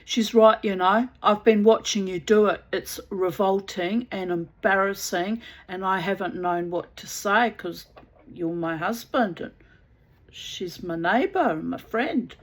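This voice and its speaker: A woman's voice: medium pitch, monotone, normal speed, few pauses, bright, forceful tone, lightly acted. A woman voicing a slovenly, laid-back neighbour housewife in a drawling, broad Australian accent. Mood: fed-up.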